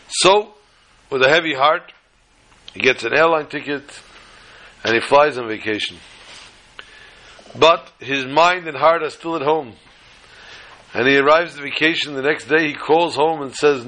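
A man's voice: on the high side, moderate pace, long pauses, sharp tone. A man giving a storytelling talk to a small gathering, folksy and fond of joking asides.

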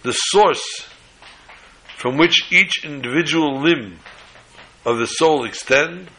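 A man teaching a sermon on the weekly Torah portion in a measured, halting way, often restarting phrases. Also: fairly high pitch, pushed and bright, rough recording.

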